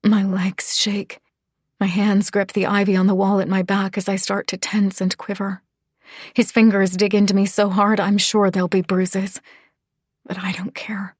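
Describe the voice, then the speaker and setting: A woman narrating a first-person romance audiobook in a soft, breathy, half-whispered reading. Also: mid-range voice, little pitch movement, normal speed, dry recording, studio quality.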